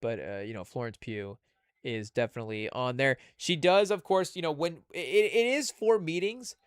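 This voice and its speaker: A man hosting a casual podcast, rambling through his thoughts and padding them with "you know" fillers. His voice sits a little high for a man. The recording is close and dry. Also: moderate pace, clean tone, no echo. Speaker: podcast host. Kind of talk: casual chat.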